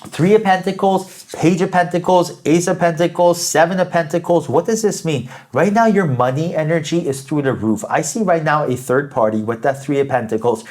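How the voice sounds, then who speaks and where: A man's voice: on the high side, normal speed, few pauses, a little mellow. A man giving a spiritual tarot reading, upbeat and emphatic, often tagging his points with "right?" and repeating phrases. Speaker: tarot reader.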